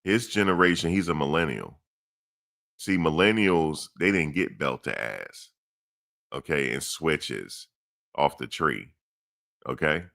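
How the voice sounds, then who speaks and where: With a rumbling low, creaky, fairly bright voice, this middle-aged sports commentary host speaks slowly and expressively, leaving long pauses. His rant is blunt and blustery, full of repetition and directed right at the audience.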